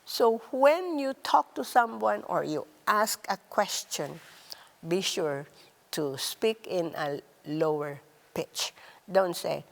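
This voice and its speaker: Her voice fairly low, animated, and gravelly, a female host delivers a slow, deliberate talk on relationships. Wide pitch swings mark her emphasis before she sinks into a hush on the key phrases, with long reverb lingering behind.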